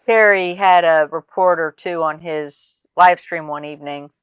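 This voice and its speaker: A woman's voice: sits low, a little slow, smooth, dry recording, highs cut off. A woman streamer chatting casually with friends on a livestream, talkative and opinionated. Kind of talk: casual group chat on a livestream.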